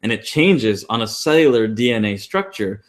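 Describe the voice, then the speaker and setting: A man's voice: medium pitch, sing-song, moderate pace. A man co-hosting an online class, talking casually with many fillers and restarts. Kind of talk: casual teaching talk. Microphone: online class call.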